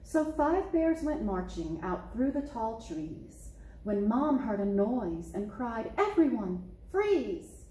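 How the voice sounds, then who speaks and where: Librarian lady reading a picture book to kids, sing-songy and slow. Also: on the high side. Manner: expressive, storytelling. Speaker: children's librarian. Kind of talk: children's read-aloud. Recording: echoey room.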